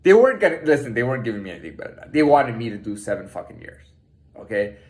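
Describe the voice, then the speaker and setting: A man's voice: mid-range voice, big pitch swings, racing, a little mellow. A man speaking in a casual monologue, blunt and profane, lecturing the listener and stumbling through restarts. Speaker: storyteller.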